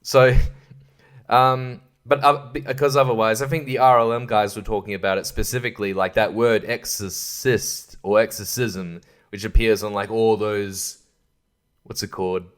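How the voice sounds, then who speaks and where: A man's voice: on the low side, fairly even intonation, moderate pace, smooth. A man hosting a podcast, reviewing a film in a sarcastic, rambling way, with lots of swearing and laughter at his own jokes. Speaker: podcast host.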